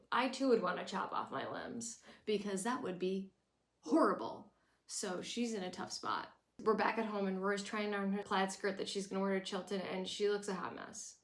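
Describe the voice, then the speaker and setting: Sarcastic, blunt young woman recapping. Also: medium pitch. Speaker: recap vlogger. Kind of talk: casual recap commentary. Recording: echoey room.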